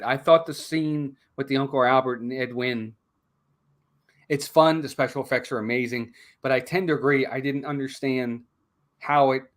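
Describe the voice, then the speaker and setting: A man's voice: medium pitch, fairly bright tone. A man co-hosting a casual movie review, talking emphatically and repeating words as he makes his points. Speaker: co-host, film reviewer.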